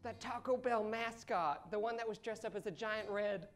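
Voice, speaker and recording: A woman's voice: on the high side, moderate pace, natural voice. A woman improvising a lovestruck man who reads his rambling love letter aloud on a live comedy stage. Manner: rambling, earnest, breaks into laughter. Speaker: improv performer. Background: live music underscore.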